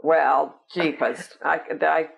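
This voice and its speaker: An older woman with an English accent, telling stories in an oral history interview, lively and full of fillers. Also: sits low, slow, gravelly, muffled recording. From England. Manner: lively, teasing storyteller with many fillers.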